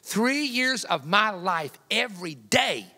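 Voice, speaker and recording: A man in his fifties, a guest evangelist preaching a sermon with folksy, joking personal stories that build to loud emphatic peaks. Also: high-pitched, sing-song, slow pace, creaky. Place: church sanctuary. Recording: long hall reverb in a church.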